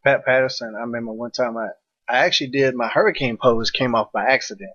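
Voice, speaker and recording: A man hosting a wrestling talk podcast, rattling off stories at a brisk clip and cursing casually along the way. His voice sounds dry and close, with a dull lo-fi sound. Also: mid-range voice, fairly even intonation, sharp tone, husky, no room sound. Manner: swearing, storytelling. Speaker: podcast host. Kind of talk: casual chat.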